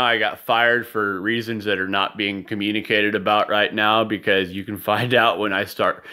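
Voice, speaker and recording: A man speaking at an ordinary mid pitch in a rambling home video recorded indoors. His talk wanders from topic to topic, turns profane and ranting at times, and he often apologizes. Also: pushed and bright. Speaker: father filming a video message. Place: indoors at home, in a room with a nightlight.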